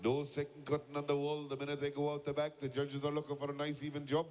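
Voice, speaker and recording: A man's voice: on the high side, monotone, fast, darkish tone. A man giving live play-by-play commentary at a shearing contest, urging the crowd to cheer. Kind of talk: live sports commentary over a PA.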